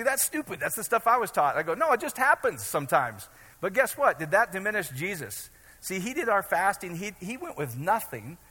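This pastor, a middle-aged man from Iowa, speaks in a high-pitched, pushed, bright voice. His sermon is relaxed and full of jokes, and he chats his way through it while repeatedly asking whether his listeners are following. The sound carries a long hall reverb.

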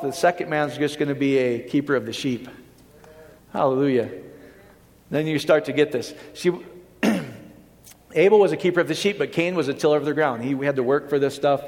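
A man preaching a sermon in a conversational way, often checking in with his listeners. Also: fairly high pitch. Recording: long hall reverb.

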